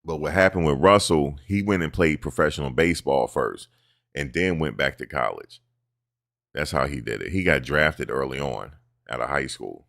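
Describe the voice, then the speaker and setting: A man with a very low voice rants about football in a loose, profane, animated way. He slips into mocking impressions of players' interview clichés. The sound is dry and close. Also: moderate pace, vocal fry, dry recording. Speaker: sports commentary host. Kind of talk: casual sports talk.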